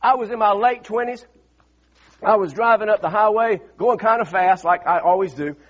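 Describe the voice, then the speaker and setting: A man's voice: sits high, moderate pace, highs cut off. A middle-aged man preaching a sermon, calling the congregation to say lines back and telling a personal story with rising fervor. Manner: calls on congregation to repeat lines, builds to shouts. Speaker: pastor.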